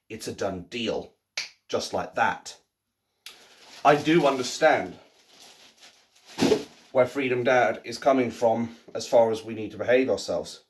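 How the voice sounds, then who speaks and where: Guy in his 30s ranting to camera at home, pitch all over the place, goes quiet then loud. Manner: swings between low muttering and loud outbursts. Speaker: vlogger. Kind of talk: casual ranting monologue. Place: at home, by the sink.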